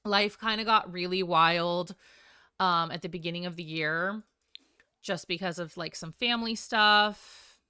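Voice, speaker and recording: A woman's voice: fairly low pitch, measured pace, sharp tone, clean tone, dry recording, studio quality. A woman streamer chatting casually and a bit scatterbrained while building in a game, with a sing-songy way of talking. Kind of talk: casual live-stream chat while gaming.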